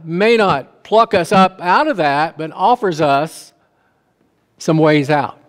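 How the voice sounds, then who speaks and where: A man pastor delivering a sermon in a relaxed, folksy manner, tossing asides and questions to the congregation. His voice sits a little high for a man. The sound carries the long reverb of a church sanctuary.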